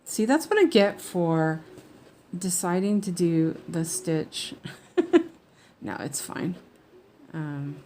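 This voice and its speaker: A woman talks through her stitching in a casual, unhurried way. Her voice sits fairly low and her pace is very slow. She mutters half-sentences to herself and laughs at her slips. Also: lively intonation, a little mellow, a little hiss or hum. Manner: chatty, mumbling to herself while working, laughs often. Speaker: cross-stitch crafter. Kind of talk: casual stitch-along chat.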